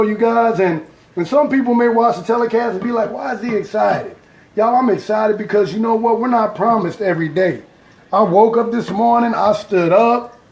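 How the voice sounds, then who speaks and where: A man's voice: high-pitched, roomy sound. A man chatting upbeat to viewers in a casual live cooking stream from his kitchen. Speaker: home cook hosting a live stream.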